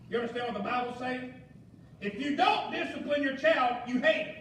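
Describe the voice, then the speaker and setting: A male pastor, preaching a fiery sermon with shouted emphasis and folksy asides. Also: very high-pitched, moderate pace. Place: church sanctuary. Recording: echoey church hall, mic far off, faint noise.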